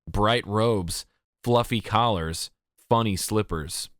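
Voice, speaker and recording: Reading a fantasy audiobook from a script, a man narrates in a measured, even storytelling style close to a studio mic. His voice is on the low side and the recording is dry.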